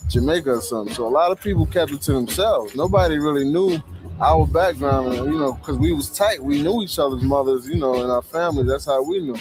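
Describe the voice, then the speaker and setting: A man's voice: a little high, fairly quick, poor audio. A man from Brooklyn remembering school days in a documentary interview, casual and laid-back. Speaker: childhood friend interviewee. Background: music.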